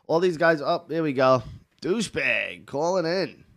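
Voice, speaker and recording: A man's voice: fairly high pitch, animated, unhurried, fairly bright tone. A man hosting a call-in show, chatting casually in a blunt, profane, rambling way. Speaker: show host. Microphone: headset or desk mic with headphones.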